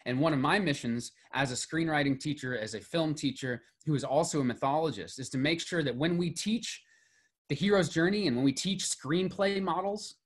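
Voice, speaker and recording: A middle-aged male lecturer speaks at a medium pitch, talking his way through a class. He rises in force when he stacks up lists of names, then drops low and quiet to wrap up a point. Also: husky. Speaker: mythology lecturer.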